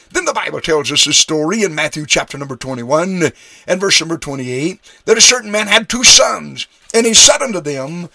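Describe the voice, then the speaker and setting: Radio preacher, man, bright cutting tone, dry close mic, emphatic delivery. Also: fairly high pitch, no echo. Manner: emphatic preaching, voice rising on key phrases. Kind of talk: sermon. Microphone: studio radio microphone.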